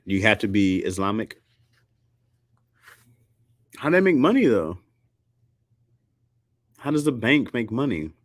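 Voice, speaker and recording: A man from the United States chatting casually and jokingly with his audience, often jumping into a high squeaky pitch for emphasis. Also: fairly bright tone, no echo, clean studio sound. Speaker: streamer host. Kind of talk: casual chat.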